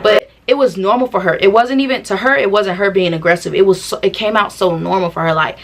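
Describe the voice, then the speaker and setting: A woman telling a personal story to the camera in a casual, slangy, animated way, acting out what people said. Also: mid-range voice, quick pace. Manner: animated, slangy, acts out quotes. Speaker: storytime vlogger.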